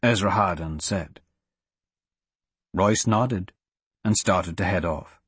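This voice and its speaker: An unhurried male narrator reads a fantasy audiobook, his husky voice moving lively up and down. The recording is close and dry. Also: low-pitched, dry recording. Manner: unhurried, expressive. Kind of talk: scripted narration.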